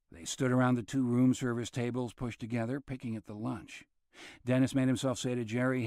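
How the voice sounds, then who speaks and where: A man's voice: flat delivery, fairly quick, a little mellow, no room sound. Man narrating an audiobook, dry studio sound. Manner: voices characters with shifting pitch. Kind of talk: scripted narration.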